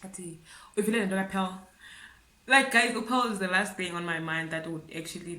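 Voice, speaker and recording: A South African woman talks straight to camera, her slightly low voice halting and tearful as she circles back over her words. She fills the gaps with "like" and "guys", and the room around her rings with echo. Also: fairly even intonation, sharp tone. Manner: tearful, halting, repeats herself, fillers like "like" and "guys". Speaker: vlogger. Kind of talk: emotional storytelling to camera.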